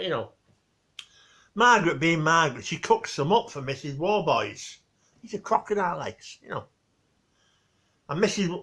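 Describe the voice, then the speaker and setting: Lively high-voiced man, rambling chat. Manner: rambling, mild swearing, restarts and fillers. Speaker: vlogger. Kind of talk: casual vlog tribute.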